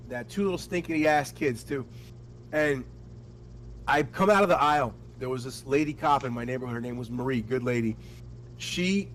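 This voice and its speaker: A man telling crude, animated stories full of cursing in a casual podcast chat. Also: on the high side, a little hiss or hum, low-quality recording. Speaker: podcast co-host.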